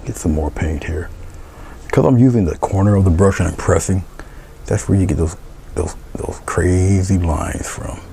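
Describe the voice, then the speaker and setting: Low gravelly man calmly teaching painting. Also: moderate pace, slight background noise. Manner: calm and encouraging, often trailing into soft murmurs. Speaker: painting instructor. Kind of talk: step-by-step painting tutorial.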